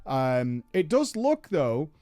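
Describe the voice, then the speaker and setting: A man's voice: on the high side, sing-song, slow pace, dark tone, no echo. A man casually reporting on a game press event, chatty and hedging, with frequent fillers. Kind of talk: casual video commentary.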